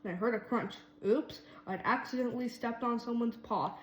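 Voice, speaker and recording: A woman reading a children's storybook aloud in a lively way, doing voices for the mouse characters. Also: a little high, moderate pace, roomy sound, poor audio. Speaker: reader.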